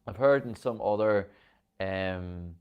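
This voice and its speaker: The sound is phone quality, carrying a low-pitched, slow, clean male voice. He's the host of a casual to-camera video, talking with enthusiasm in a Northern Irish accent and plenty of ums.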